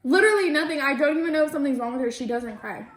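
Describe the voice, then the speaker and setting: A young woman chatting casually as co-host of a sisters' vlog, relaxed and talking while she eats. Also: high voice, rapid-fire, reverberant. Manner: relaxed, talks while eating. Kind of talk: casual chat.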